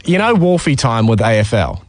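A man's voice: medium pitch, big pitch swings, moderate pace, no room sound. Chatty male sports radio co-host. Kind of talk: casual sports chat.

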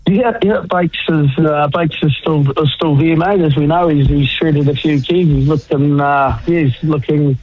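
Laid-back New bloke, lo-fi. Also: male voice, on the high side, steady tone, moderate pace, hardly any pauses, no room sound. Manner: laid-back, rambling, says mate a lot. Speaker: guest. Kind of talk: casual chat. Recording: muffled lo-fi audio.

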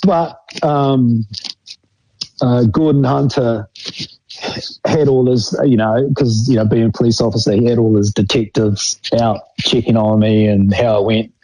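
Speaking a little slowly in a steady, dark, medium-pitched voice, a middle-aged former rugby player from New Zealand tells old stories in a casual interview. He rambles, laughs a lot and performs the voices of those he quotes, and the recording is rough with no room sound.

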